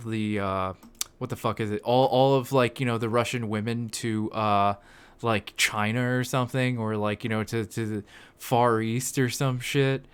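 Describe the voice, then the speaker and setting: A man's voice: fairly low pitch, clean tone. A man co-hosting a casual podcast, rambling and swearing, with many fillers and restarts. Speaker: podcast co-host.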